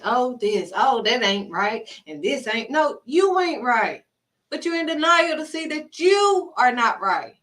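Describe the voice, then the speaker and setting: Speaking directly to camera, a woman vlogger delivers a blunt, emphatic faith talk, scolding viewers and repeating points to drive them home. Her voice sits high with a fairly bright tone, and the recording places her somewhat distant from the mic.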